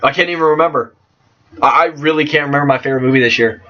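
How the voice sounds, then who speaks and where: A man answering viewer questions in a casual vlog, excitable and jokey, trailing off and restarting. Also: fairly high pitch, rapid-fire. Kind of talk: casual chat. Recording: distant, dull lo-fi mic.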